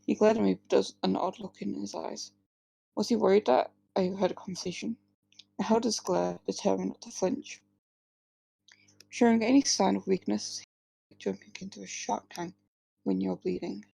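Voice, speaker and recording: Woman reading her story aloud, gravelly. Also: mid-range voice, steady tone, moderate pace, warm tone, dry recording, rough recording. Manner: plain reading with slips and restarts, few distinct character voices. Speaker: author reading her own work. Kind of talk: live reading of first-person fiction.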